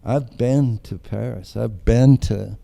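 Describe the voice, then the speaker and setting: An older man, a guest artist, tells stories in casual chat and acts out the voices of the people in them with animated flair. His voice is medium-pitched, slow and creaky.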